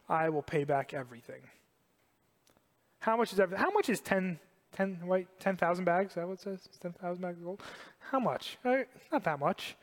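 A man preaching a sermon to a congregation, animated and emphatic, repeating key phrases. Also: high voice, big-room sound. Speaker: pastor.

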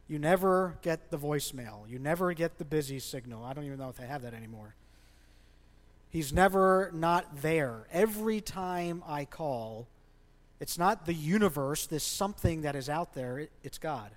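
A man's voice: on the high side, animated, normal speed. A male pastor in his thirties preaching a sermon with passion, pushing hard on his key points. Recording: long hall reverb.

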